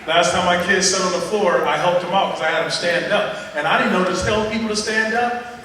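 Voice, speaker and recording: A man giving a motivational speech at a school assembly, telling stories with animated, joking energy and talking straight to the students. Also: high-pitched, fairly quick. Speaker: motivational speaker. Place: large high school gym. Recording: echoey gym from far off, audience noise.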